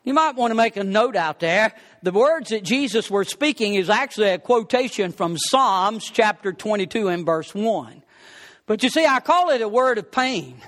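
High-voiced preacher in a reverberant hall. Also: male voice, animated, normal speed, fairly bright tone. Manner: emphatic, swinging between rising exclamations and low asides. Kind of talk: sermon.

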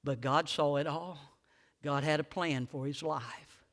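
Male preacher, high bright voice, drops to a hush and then surges loud, big hall reverb. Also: fairly even intonation, measured pace. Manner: swings between hushed low lines and loud high preaching. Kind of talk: sermon.

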